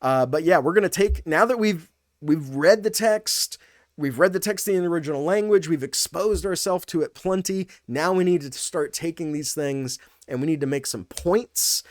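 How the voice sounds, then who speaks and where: Casual pastor teaching Greek, dry sound. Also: male voice, fairly high pitch, moderate pace, no echo. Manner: casual, thinking aloud with fillers and restarts. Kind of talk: teaching Bible study video.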